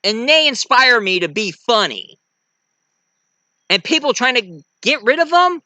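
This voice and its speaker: Excitable young man rambling a review. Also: very high voice, unhurried, dry recording. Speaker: movie reviewer. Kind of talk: casual movie review.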